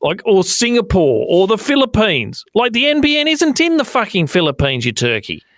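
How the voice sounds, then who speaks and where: A man, co-hosting a podcast, telling stories in a blunt, swearing, animated way. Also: sits high, normal speed, no echo, clean studio sound. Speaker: podcast co-host. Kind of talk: casual chat.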